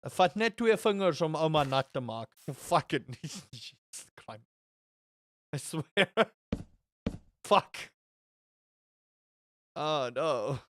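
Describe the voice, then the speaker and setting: A gaming streamer chatting casually with viewers while playing, rambling and swearing, with sudden high outbursts. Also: very slow, pauses often, slight background noise. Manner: animated, rambling, swears, jumps to high shouts.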